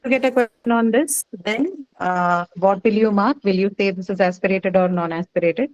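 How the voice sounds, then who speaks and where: A woman's voice: medium pitch, moderate pace, dry recording, dull audio. A woman teaching phonetics in a classroom, explaining step by step and checking in with "right?". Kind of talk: classroom lecture.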